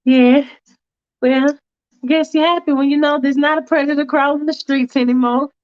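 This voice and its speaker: Brief: a woman playing a high, giggly, polite church girl, dull lo-fi sound. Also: steady tone, moderate pace, a little mellow, natural voice. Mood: hesitant.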